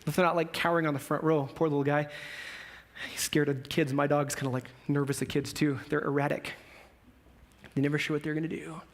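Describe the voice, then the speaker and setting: A man's voice: on the high side, flat delivery, brisk. A man pastor preaching a sermon in a conversational style, with emphatic rises when he speaks for God and the prophets. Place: church sanctuary.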